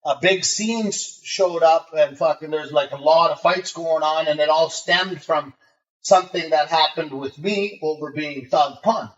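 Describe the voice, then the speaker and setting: A man's voice: on the high side, unhurried. A man telling brash, swear-filled stories as a guest in a casual interview, acting out the voices of people he met. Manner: swears a lot, animated and brash, acts out voices in his stories. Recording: muffled remote call, roomy and distant.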